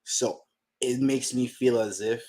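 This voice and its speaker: A man hosting a manga reaction channel, talking to himself while he reads, excitable and profane in casual reaction commentary. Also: mid-range voice, takes it slowly.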